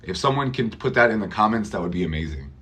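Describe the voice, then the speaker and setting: Male english teacher, lower voice, animated pitch, drills words slowly, live class. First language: Spanish. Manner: slow, repeats words for learners. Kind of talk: live online pronunciation lesson.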